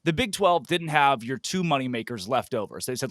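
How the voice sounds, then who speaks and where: A man co-hosting a casual sports podcast, riffing with jokey, animated asides. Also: medium pitch, brisk, no room sound, studio quality. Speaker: podcast co-host.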